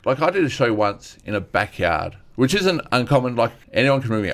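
A young man, a stand-up comedian, talks openly about hard times in an earnest, animated way. His pitch sits in an ordinary middle range, and he slips into quick impressions of the people he met. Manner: earnest, animated retelling with acted-out quotes. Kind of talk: candid conversational storytelling.

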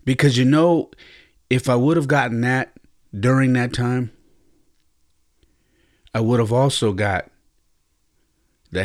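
A man's voice: mid-range voice, slow pace, pauses often. A man hosting a podcast, telling a personal story in a reflective, earnest way, often stopping and restarting his sentences. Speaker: podcast host.

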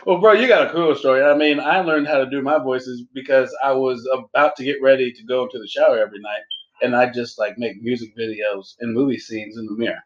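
A man's voice: mid-range voice, fairly quick. Young man, rambling, jokey co-host; roomy, muffled recording. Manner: joking, rambling, laughs a lot. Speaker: podcast co-host. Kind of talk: casual chat. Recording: echoey room, dull sound.

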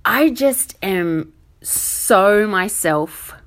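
A middle-aged woman hosts her own podcast, speaking very slowly in a medium-pitched, expressive, fairly bright voice. Her solo monologue is casual, rambling and self-deprecating, chatty and packed with fillers.

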